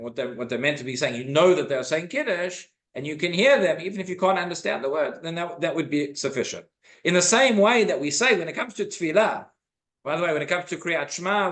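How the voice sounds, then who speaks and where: A rabbi giving an informal class in a synagogue, explaining texts and reading Hebrew quotations aloud. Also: male voice, on the high side, a bit bright. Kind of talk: informal Torah class lecture.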